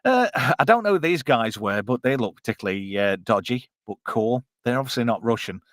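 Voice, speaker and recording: Chatty male host, lively pitch. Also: brisk, dry recording, clean studio sound. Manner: chatty, jokey, filler-heavy, reads chat aloud. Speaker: podcast host watching a film with chat. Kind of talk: casual live watch-along chat.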